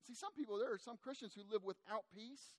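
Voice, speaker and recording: A middle-aged man, a pastor, preaching a sermon in a conversational, animated way and speaking directly to his congregation. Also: high-pitched, fast, dry recording.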